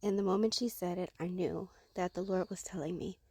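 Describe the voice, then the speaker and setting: Woman with a low, gravelly voice. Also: fairly even intonation, brisk, mellow, dry recording, studio quality. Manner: earnest, conversational, acts out her own past reactions. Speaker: Christian sharing a personal testimony. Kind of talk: personal testimony storytelling.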